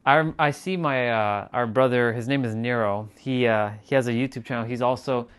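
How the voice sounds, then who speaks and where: This man's voice is medium-pitched, clear and resonant, a bit bright, at a moderate pace. Talking casually to his live stream viewers, he rambles, says things over again, and keeps restarting his sentences.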